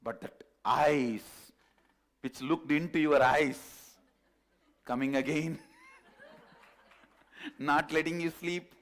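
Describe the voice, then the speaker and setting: A man's voice: a little high, slow, pauses often. Man telling a parable with chuckles. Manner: animated storyteller, chuckles at his own jokes. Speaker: spiritual teacher. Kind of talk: parable in a spiritual discourse.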